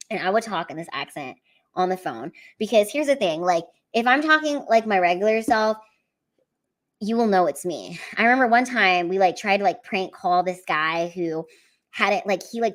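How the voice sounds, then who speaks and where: A woman comedian chatting casually on a livestream from home into her camera mic, rambling with lots of fillers. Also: on the low side.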